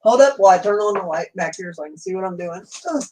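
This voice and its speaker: A woman's voice: medium pitch, expressive, fast talker, mellow. Chatty Southern woman hosting a livestream. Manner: chatty, rambling, laughs often, reads viewer comments aloud. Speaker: livestream host. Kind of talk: casual livestream chat. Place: home room at night.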